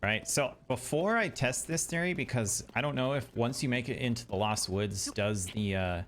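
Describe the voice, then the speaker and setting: A man's voice: medium pitch, moderate pace, fairly bright tone, a little hiss or hum. A man streaming a video game, chatting casually and thinking aloud as he plays. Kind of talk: casual gameplay commentary.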